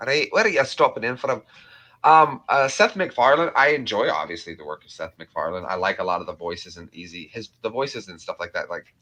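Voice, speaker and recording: A man's voice: sits low, expressive, fairly quick, few pauses, bright, forceful tone, poor audio. A playful young man hosting a casual live stream, rambling between voice impressions.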